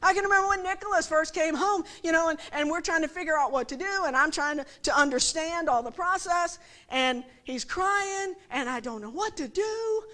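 A woman's voice: very high-pitched, normal speed, bright, forceful tone. A middle-aged woman giving a conversational sermon, often checking that listeners follow her with rhetorical questions. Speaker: preacher.

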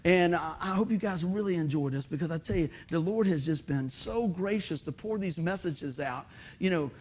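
A middle-aged man preaching a sermon, folksy and conversational, telling animated stories and joking with the congregation. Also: on the high side, normal speed. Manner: animated storytelling, acts out shouts and exclamations. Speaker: pastor.

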